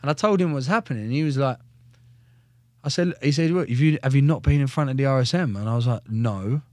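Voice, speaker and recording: A young veteran of the army talks through his story on a laid-back podcast, animated and blunt, with heavy profanity. His mid-range voice moves at a quick pace on a dry recording.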